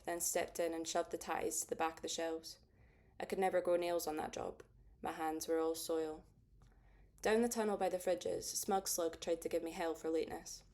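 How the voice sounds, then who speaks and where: A woman narrating a first-person audiobook in a steady, understated way. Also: lowish voice.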